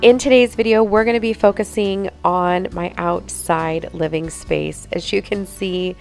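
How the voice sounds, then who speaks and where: A woman's voice: fairly low pitch, steady tone, a little slow, creaky, darkish tone, soft background music. A woman narrating her home vlog in an upbeat, chatty way, her voice stuffy and nasal from pollen. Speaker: home vlogger.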